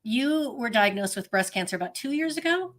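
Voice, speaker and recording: A woman hosting an interview, asking questions in a halting way with many fillers. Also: fairly high pitch, expressive, fairly bright tone. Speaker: podcast host.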